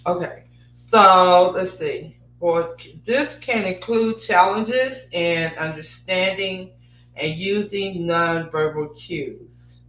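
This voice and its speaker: Mom host chatting and reading notes, lots of you knows, roomy echo. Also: female voice, fairly low pitch, slow, fairly bright tone. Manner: chatty, rambling, with frequent fillers. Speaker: podcast host and mother. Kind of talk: casual podcast chat, reading notes aloud. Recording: roomy echo, distant mic, faint hum.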